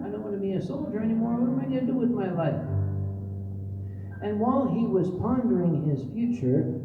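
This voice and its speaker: Brief: man from Canada, live comic storyteller, lively pitch, booming to hushed, roomy hall with music. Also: recorded from a distance, narrow, tinny audio. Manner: theatrical, swings from hushed asides to booming shouts. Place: convention event room.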